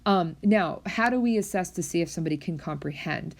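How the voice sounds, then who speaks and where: A woman delivers a recorded university lecture in a loose, chatty manner. Her voice sits a little low, and she fills pauses with ums and uhs and restarts her sentences as she explains. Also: lively intonation, gravelly. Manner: conversational, with many fillers and restarts. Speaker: psychology lecturer.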